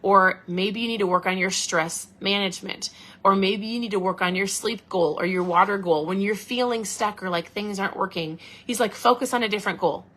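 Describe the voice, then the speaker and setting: A woman chats on a casual livestream with a bright, forward voice. She talks in an animated, friendly way and answers viewer comments as they come in. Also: medium pitch, fairly quick. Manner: chatty and animated, reads viewer comments aloud. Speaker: keto coach and livestream host.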